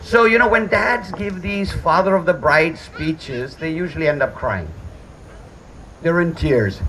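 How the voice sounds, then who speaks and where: A man's voice: a little high, measured pace, noisy background. A middle-aged man giving a father of the bride speech at a hotel wedding reception, joking and poking fun at himself. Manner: joking, self-deprecating.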